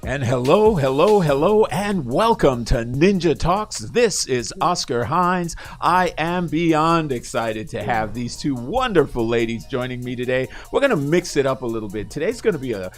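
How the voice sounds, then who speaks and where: A male radio host leading a casual interview. He talks with lively energy, joking and laughing easily between questions. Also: medium pitch, moderate pace, few pauses, faint music behind. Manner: animated, laughs easily, jokey.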